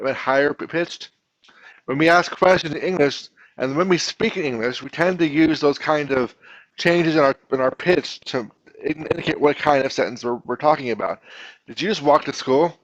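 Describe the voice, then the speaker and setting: A man's voice: a little high, dry recording. Man teaching a class, dull dry recording. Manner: patient, repeats himself, restarts phrases. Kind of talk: classroom instruction.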